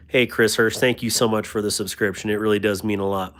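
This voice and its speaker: This knife livestream host speaks fast in a lowish male voice with little pitch movement and hardly any pauses. He chats casually about knives, reads comments from viewers and jokes at his own expense. Warm thanks to viewers come often, in a chatty, self-deprecating way.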